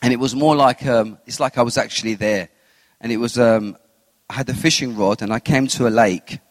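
Man telling an animated story. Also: medium pitch, fairly quick, no room sound, in a large hall. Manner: animated storyteller who acts out his own quotes. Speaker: interview guest. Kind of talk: personal faith testimony.

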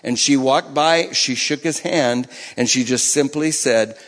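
A man's voice: medium pitch, measured pace, in a large hall. A man preaching a sermon in a conversational way, often repeating and restarting his phrases. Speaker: pastor.

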